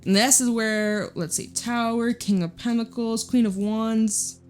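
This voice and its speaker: A woman's voice: a little high, steady tone, measured pace. Young woman, tarot reader, blunt, swears a lot, faint music behind. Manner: chatty, blunt, swears freely, laughs often. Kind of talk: casual tarot reading.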